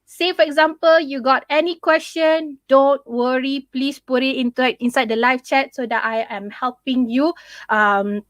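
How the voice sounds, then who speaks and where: Chatty Malaysian woman tutor, high voice. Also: steady tone, unhurried, no echo. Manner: chatty, often checks in with "okay?". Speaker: online English tutor. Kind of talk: live online lesson, mixing English with Malay.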